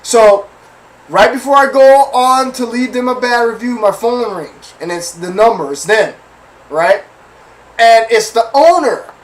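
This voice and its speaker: High-voiced man telling a story. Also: unhurried, low-quality recording. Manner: chatty, addresses listeners with slang like "bro". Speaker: host. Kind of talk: casual storytelling to listeners.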